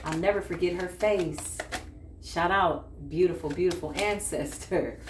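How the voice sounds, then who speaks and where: A woman with a fairly low voice tells a spiritual story in loose, casual talk, acting out quoted lines as she goes. She is recorded in an echoey room. Faint noise sits underneath her voice. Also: measured pace. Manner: animated, acts out quoted voices, laughs often. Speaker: spiritual reader.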